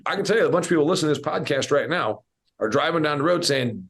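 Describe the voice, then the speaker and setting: A man's voice: on the high side, rapid-fire, a bit bright. A man hosting a podcast interview, talking in a folksy, blunt way with frequent restarts. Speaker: podcast host.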